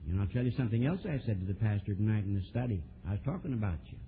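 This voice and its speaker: A man preaching a sermon, telling a story and swinging from soft, low asides to emphatic, raised lines. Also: expressive, very fast, slight background noise. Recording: old tinny lo-fi sermon tape.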